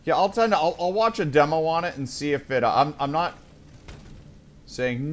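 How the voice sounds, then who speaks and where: A man's voice: fairly high pitch, normal speed, slight background noise. A man casually commenting on his own gameplay, chatting with viewers and muttering to himself, swearing when things go wrong. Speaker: gaming streamer.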